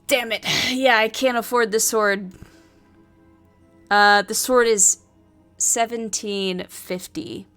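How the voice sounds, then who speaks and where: A woman's voice: fairly high pitch, steady tone, takes it slowly, long pauses, fairly bright tone, smooth, faint music behind. A woman reading and playing through a solo tabletop adventure, chatting and thinking aloud between passages. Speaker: solo player and narrator.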